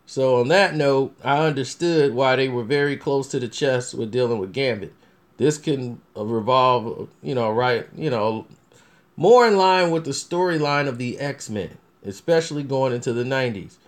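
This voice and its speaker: A man's voice: mid-range voice, normal speed. Rambling man giving movie commentary. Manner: rambling, loose talk with many restarts and fillers. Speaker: movie review vlogger.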